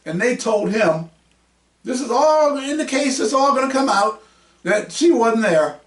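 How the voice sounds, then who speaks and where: Fiery high-voiced man ranting on a podcast. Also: animated, a little slow. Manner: combative, mocking, raises voice to shout. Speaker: podcast host. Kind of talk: heated podcast rant. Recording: roomy echo, mic at a distance.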